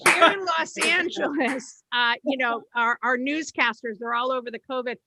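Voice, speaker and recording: Brash high-voiced woman comic from Boston. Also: heavy background noise. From Boston, USA. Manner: brash, self-deprecating, quick asides. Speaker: stand-up comedian. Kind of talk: stand-up set on a video call.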